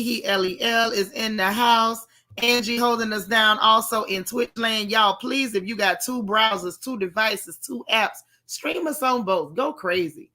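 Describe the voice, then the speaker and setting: A middle-aged woman hosting a casual livestream, greeting viewers one by one in a chatty, slangy way, her throat still recovering. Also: a little high. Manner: warm, chatty, Southern-style slang, calls viewers y'all. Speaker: livestream host. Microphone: live stream mic with sound trouble.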